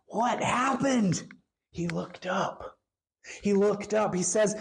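A preacher delivering a sermon in an earnest, emphatic way, slowing down to stress the key lines. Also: medium pitch, gravelly.

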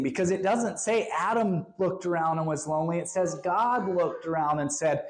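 A woman preaching an expressive sermon, slowing down for emphasis and sometimes dropping to a hush. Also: on the low side, a little hiss or hum.

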